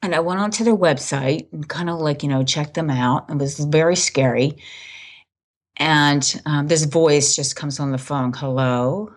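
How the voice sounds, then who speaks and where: This woman in her fifties, a podcast guest, has a low voice and talks at normal speed while candidly and casually telling her story. She laughs frequently and acts out what people said. The recording is low quality.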